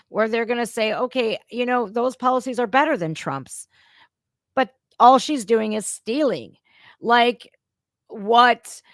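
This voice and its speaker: A woman hosting a reaction show rants in a blunt, heated way and swears freely. Her voice sits at a middle pitch and is recorded close and dry, with no room around it. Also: no echo. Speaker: reaction video host. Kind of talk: commenting on a played clip.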